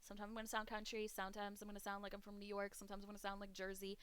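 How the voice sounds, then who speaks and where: A woman's voice: mid-range voice, monotone, racing, a bit bright, clear, resonant tone. A young woman streaming from her home computer, rambling casually to her chat and swearing now and then. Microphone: desk mic at a home computer setup.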